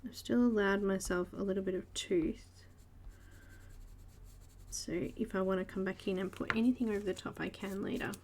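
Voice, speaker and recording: An Australian woman hosts a live coloring session, talking through every stroke in a relaxed, chatty way. Her voice carries a light gravelly fry at an ordinary pitch, and she greets viewers by name as she works. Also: moderate pace, a little hiss or hum. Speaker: host of a live coloring stream. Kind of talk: live art tutorial narration.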